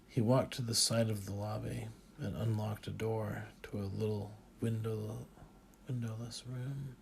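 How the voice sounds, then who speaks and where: A man narrating a first-person audiobook in a measured, dry manner. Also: on the low side, steady tone, gravelly, darkish tone, a little hiss or hum.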